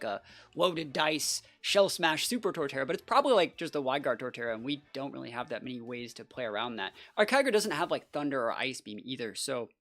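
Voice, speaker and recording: A young adult giving casual, excitable live gameplay commentary as a channel host, full of "like" and "bro". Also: mid-range voice. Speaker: competitive battle player and channel host.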